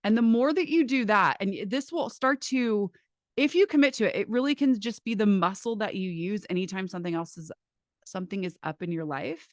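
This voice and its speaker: A woman teaching a live class in a casual, lively way, swearing now and then and restarting her sentences. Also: mid-range voice, brisk, no room sound, clean studio sound. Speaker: class facilitator.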